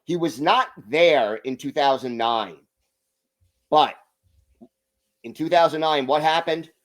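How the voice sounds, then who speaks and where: Man, podcast host, slow delivery, slightly high voice, emphatic hockey analysis. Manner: emphatic, deliberate opinion talk.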